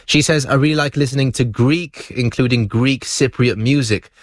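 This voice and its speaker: A man's voice: mid-range voice, moderate pace, dry recording, studio quality. A man hosting a breakfast radio show, chatting casually, laughing often and reading out listener messages.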